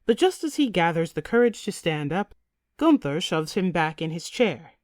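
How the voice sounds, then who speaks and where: A woman narrating a fantasy audiobook in an even, measured way. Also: lowish voice, no echo, studio quality. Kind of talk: scripted narration.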